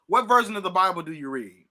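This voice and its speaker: A St. Louis man hosts a podcast featuring a heated religious debate, his high-pitched voice pushed and bright. He presses his opponent with repeated questions and mocking laughs.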